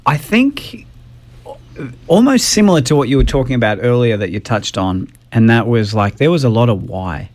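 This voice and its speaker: A man's voice: medium pitch, lively intonation, a little fast, hardly any pauses, darkish tone. Earnest man telling his story. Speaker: guest. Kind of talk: personal testimony in a podcast interview.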